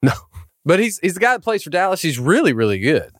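A man's voice: high voice, sing-song, quick pace, fairly bright tone, dry recording, clean studio sound. A man in casual sports chat, hesitant and restarting often, chuckling between thoughts.

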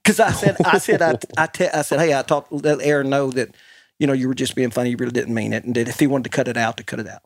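A man's voice: medium pitch, steady tone, quick pace, no echo, clean studio sound. A man hosting a podcast, telling a rambling anecdote in casual chat and laughing often. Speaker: podcast host.

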